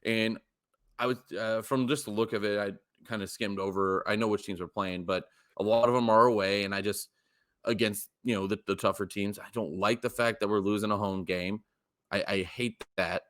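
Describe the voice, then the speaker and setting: A young man co-hosting a podcast rants during casual sports chat, swearing and stumbling into restarts when he gets heated. His lowish, slightly bright voice keeps fairly even intonation at a normal speed.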